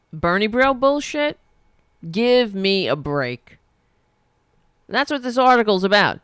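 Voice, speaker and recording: A woman's voice: lowish voice, clear, resonant tone, no echo. A woman hosting her own political commentary show, ranting angrily with sarcasm and plenty of swearing. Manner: profane, sarcastic and indignant. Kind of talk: angry political rant to camera.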